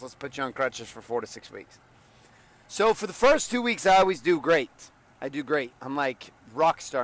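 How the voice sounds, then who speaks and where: A middle-aged man with a somewhat high voice, hosting a casual motivational show. He swears freely and cracks jokes, and every so often he breaks into full-throated yelling. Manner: profane, joking, bursts into shouting. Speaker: podcast host and coach.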